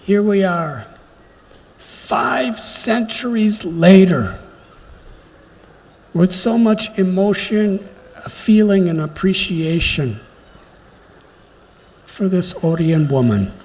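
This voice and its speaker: A man giving a devotional lecture, telling stories slowly and reflectively with emphatic pauses. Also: high voice, lively intonation, darkish tone. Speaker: spiritual lecturer. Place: temple hall during a pilgrimage. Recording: long hall reverb, faint background noise.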